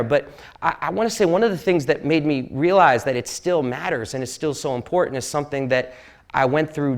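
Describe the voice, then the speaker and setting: A man's voice: mid-range voice, creaky. Rambling storyteller man in a lecture hall. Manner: rambling, jokey, with many fillers and restarts. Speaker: sportswriter giving a public talk. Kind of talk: casual storytelling talk to an audience.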